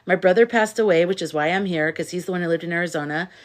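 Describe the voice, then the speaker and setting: Woman livestreamer, worn out, frustrated venting between shout-outs. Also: fairly low pitch, fast. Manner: venting, frustrated and weary, thanks viewers by name. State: exhausted. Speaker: live streamer. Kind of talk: casual livestream chat.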